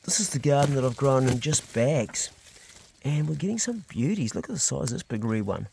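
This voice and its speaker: A man's voice: medium pitch, animated, fairly quick, creaky, dark tone, slight background noise. A man with a New Zealand accent, chatting upbeat about his homestead garden outdoors as he films a vlog. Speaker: homesteader vlogger. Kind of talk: casual vlog narration.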